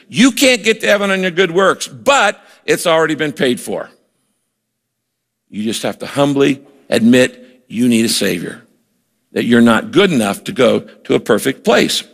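An older male pastor preaches with an earnest, emphatic delivery, acting out the lines he quotes. His voice is fairly high for a man and gravelly. It rings out with a long reverb from a large church hall. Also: big pitch swings, normal speed, fairly bright tone. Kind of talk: sermon.

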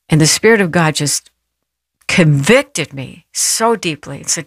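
A woman radio host gives a devotional message with a gravelly, creaky voice. She speaks earnestly and slows down to stress her points. The sound is dry and close, with no room echo. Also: sits low. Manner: earnest, emotional personal storytelling.

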